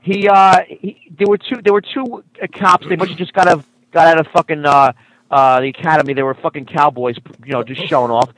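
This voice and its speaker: A man co-hosts a casual radio talk show and tells his story earnestly. He stumbles, restarts and repeats words as he goes. His voice sits a little high. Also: fairly quick, a bit bright, slight background noise, rough recording. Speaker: radio co-host. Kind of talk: casual call-in radio chat.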